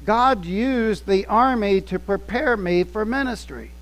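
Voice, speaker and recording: A male pastor with a fairly high-pitched voice delivers a sermon as relaxed, conversational storytelling. He acts out the scenes he describes as he talks. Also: unhurried, low-quality recording. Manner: conversational, anecdotal, acting out scenes.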